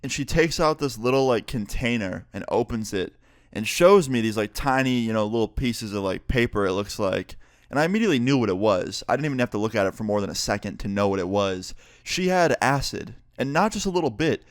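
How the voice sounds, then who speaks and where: A young man and YouTuber telling a story in an animated, profane, excitable way. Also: mid-range voice, brisk, dry recording, studio quality. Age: young adult. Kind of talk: storytime vlog.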